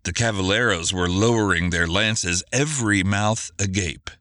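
A man narrating an adventure audiobook in a measured, expressive way. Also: low-pitched, no room sound, clean studio sound.

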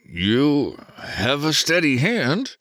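A guarded young nobleman in a storybook reading, hesitant and grumbling, as a man puts him on. He speaks slowly, with a low voice that rises and falls a lot, in a dry, close sound. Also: very animated, sharp tone, husky, no echo, exaggerated voice. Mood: doubtful.

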